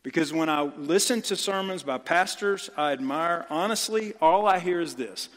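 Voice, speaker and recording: A man's voice: on the high side, moderate pace, fairly bright tone. Male pastor, sermon delivery, emphatic and impassioned, lightly raised voice, reverberant room. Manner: impassioned, emphatic, repeats phrases for stress.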